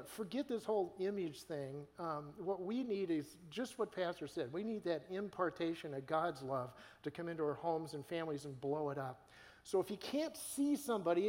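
A man's voice: a little high, darkish tone. A man preaching a sermon in an earnest, conversational way, stumbling and restarting as he speaks, heard with church hall reverb. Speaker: guest preacher.

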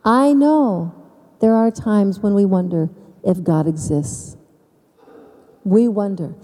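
A woman telling her personal faith story to an audience, with dramatic pauses and emphasis. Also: mid-range voice, dark tone, long reverb tail. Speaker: speaker giving faith testimony. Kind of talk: personal testimony speech.

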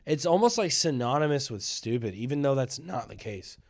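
A young man in loose conversation, speaking at a middle pitch. He talks in a laid-back way, swears often and trails off into fillers while he thinks. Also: expressive, a little fast. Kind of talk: casual podcast chat.

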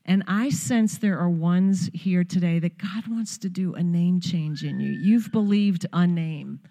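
In a church sanctuary with big-room sound, a middle-aged guest preacher from Long Island, New York, delivers a heartfelt sermon exhortation. Her voice is on the low side and warm, her pace a little slow, and she keeps it conversational with asides.

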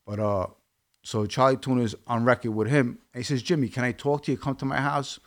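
A guest from Brooklyn, with the accent to match, shares a story in a casual interview, blunt and street-savvy, frequently quoting lines of dialogue. He speaks a little fast, at medium pitch, with fairly even intonation.

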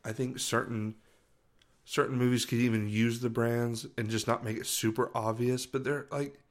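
A man's voice: medium pitch, little pitch movement, normal speed. A man in casual chat, rambling and searching for words as he tells a story.

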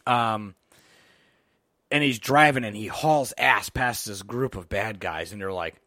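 A middle-aged man co-hosting a podcast, chatting casually and telling rambling, profane, animated movie stories into a close mic. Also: fairly low pitch, a little slow, no room sound. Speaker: podcast co-host. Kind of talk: casual chat about movies.

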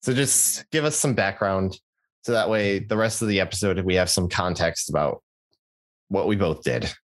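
This young adult podcast co-host has a deep voice and talks at a moderate pace. Chatting casually, he drops in jokey asides and plenty of fillers and restarts.

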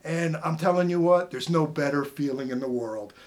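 A man's voice: a little high, moderate pace, a little hiss or hum. A middle-aged man from Maine, a former TV hunting show host, telling stories casually as a podcast guest and acting out the voices of the people in them. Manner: animated storyteller who acts out quoted voices. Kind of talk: casual storytelling.

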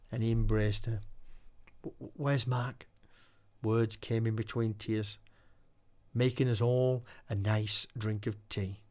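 Male narrator for a horror tale; unhurried, dramatic delivery. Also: mid-range voice, a little mellow. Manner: slow, deliberate, dramatic reading. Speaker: storyteller. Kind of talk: horror story reading.

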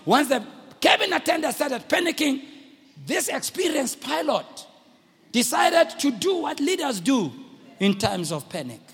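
A man delivers a sermon in a strikingly high, husky voice. He swings between hushed storytelling and loud exhortation with a lively, rising-and-falling pitch. His voice carries a long reverb, as in a large hall. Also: measured pace. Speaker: preacher.

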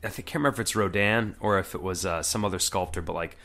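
A man with a fairly low voice talks casually about improv. He rambles along, filling his sentences with "like" and "you know." His speech is loose and conversational. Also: quick pace, gravelly, fairly bright tone. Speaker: improv performer.

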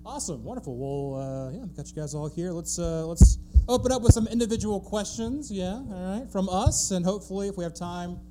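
A man's voice: high-pitched, lively intonation, brisk, few pauses, music in the background. A man co-hosting a live podcast in a theatre, playful and hyping up the crowd. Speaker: co-host. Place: theatre stage before a live audience.

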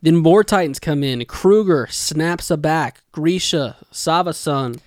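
Smooth-voiced man recapping anime scenes. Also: fairly high pitch, slow pace, no echo, clean studio sound. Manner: recounting scenes and quoting dialogue. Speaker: podcast co-host. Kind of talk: casual anime recap chat.

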